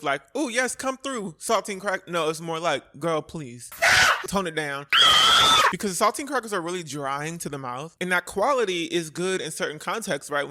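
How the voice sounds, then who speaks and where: High-voiced playful young man vlogging. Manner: animated, playful, slipping into comic voices. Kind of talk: casual vlog chat. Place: home kitchen.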